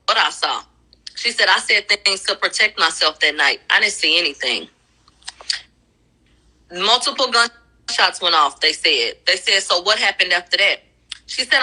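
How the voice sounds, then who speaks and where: Bright-voiced woman recapping casually. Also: mid-range voice, low-quality recording. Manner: conversational, profane, acts out quoted lines. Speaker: commentator recapping a trial.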